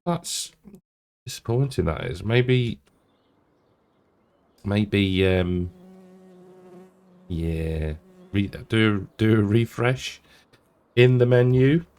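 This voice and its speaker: A man's voice: on the low side, drawn-out words, long pauses, a little mellow. A man giving casual, rambling commentary while playing a farming game, often chuckling to himself. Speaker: gaming YouTuber.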